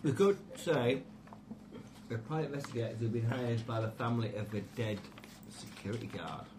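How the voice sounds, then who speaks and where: A man's voice: medium pitch, moderate pace. A British man playing a tabletop game, blunt and scheming in casual chat. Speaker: player. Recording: noisy home recording.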